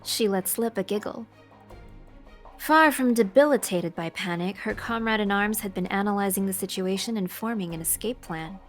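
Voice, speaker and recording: A woman narrates a game story on a live stream, reading in a steady, expressive way. Her pitch sits in the middle for a woman, and faint music plays behind her. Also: moderate pace. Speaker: narrator reading a visual novel. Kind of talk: dramatic narration read aloud.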